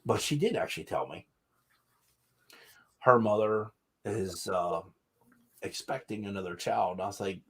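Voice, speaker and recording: Man, low husky voice, blunt, swears freely, casual livestream chat. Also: unhurried, pauses often, fairly bright tone. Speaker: host.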